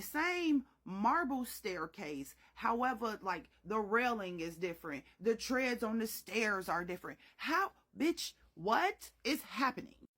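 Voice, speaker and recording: An animated young woman tells a storytime vlog, swinging her pitch all over the place. Her voice is bright and sharp with a husky edge, and she talks in a dramatic, slangy way. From Chicago.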